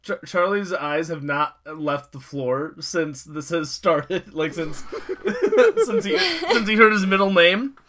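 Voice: mid-range voice, sing-song, slow, few pauses, a bit bright. A player in a tabletop game, giggling and hesitating while describing a character. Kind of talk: casual tabletop play.

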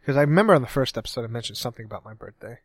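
Young male podcast co-host from Cincinnati, mid-pitched, rambling casual talker, dry close mic. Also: animated, rapid-fire, no room sound. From Cincinnati, USA. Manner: rambling, self-correcting, laughs often. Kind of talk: casual chat.

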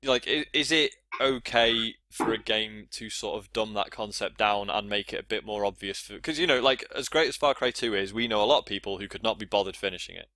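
A man's voice: lowish voice, brisk, few pauses, sharp tone, no echo. A young English man co-hosting a podcast, talking casually and rambling, with lots of fillers and frequent laughs. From England. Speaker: podcast co-host. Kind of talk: casual chat.

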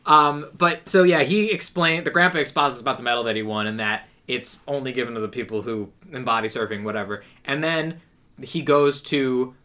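A man's voice: mid-range voice, brisk, sharp tone. A man co-hosting a podcast, eagerly recapping a movie plot in casual chat. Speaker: podcast co-host.

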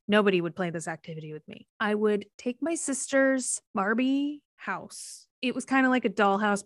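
A woman's voice: medium pitch, fairly bright tone, dry recording. A woman speaks as a podcast guest, recorded close and dry with no room sound. She rambles through childhood stories with a loose, giggly delivery. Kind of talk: casual interview chat.

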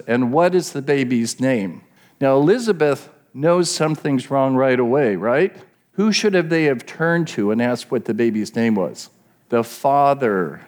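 A man's voice: medium pitch, a little mellow. Middle-aged man preaching a sermon. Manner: explanatory, asks the listeners questions.

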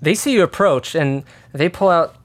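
A man narrating as game master of a tabletop role-playing game, describing scenes in a measured way. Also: on the high side.

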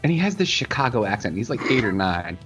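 A man's voice: on the low side, very animated, fast talker, a bit bright. Podcast host guy at a diner, swears a lot, laughs constantly, voice bounces all over, bit of music back there. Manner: laughing, swearing, lots of "like" fillers. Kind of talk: casual profane banter.

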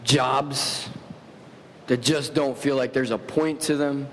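A man preaching a sermon, telling stories with animated, self-mocking humor. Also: slow pace. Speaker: pastor. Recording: long hall reverb with faint rumble.

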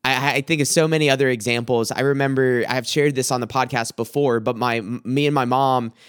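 A young man hosting a podcast, giving a reflective faith talk in an earnest, halting way, often repeating words as he tells a personal story. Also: mid-range voice, steady tone, clean tone, dry recording, clean studio sound. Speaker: podcast host.

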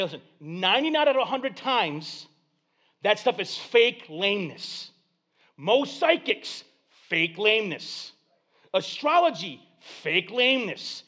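A man from Flint, Michigan preaching a sermon, telling stories and acting out voices. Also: high-pitched. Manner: animated storytelling, acting out voices. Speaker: pastor.

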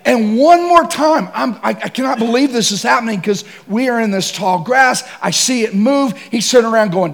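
Animated gravelly preacher man. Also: very high-pitched, normal speed, hardly any pauses. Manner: animated, shouts and laughs through stories. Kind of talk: comedic sermon storytelling.

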